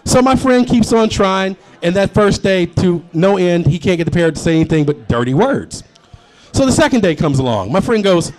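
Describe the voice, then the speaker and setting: At a bar hosting a live comedy show, a man in his forties cracks jokes and banters with the audience. His voice is high and his pace moderate, and he stays animated and chatty as he works the crowd through his stand-up stories.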